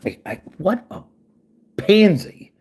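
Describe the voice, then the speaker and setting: A man's voice: high-pitched, big pitch swings, takes it slowly, a little mellow, husky. A man hosting his own channel, venting in a profane, angry and sarcastic casual rant while working at his computer. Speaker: channel host.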